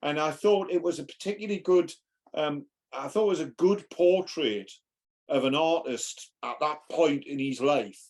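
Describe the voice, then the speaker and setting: Bloke on a podcast, lots of ums, thinks out loud, slightly high voice. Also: male voice, moderate pace. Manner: hesitant, many ums and restarts, thoughtful. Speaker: podcast co-host. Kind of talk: casual chat.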